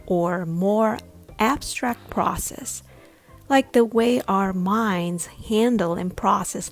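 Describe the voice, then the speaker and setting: A woman's voice: mid-range voice, creaky. A woman pronunciation coach giving a scripted lesson, sounding out each syllable carefully. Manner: slow, deliberate, sounding out syllables.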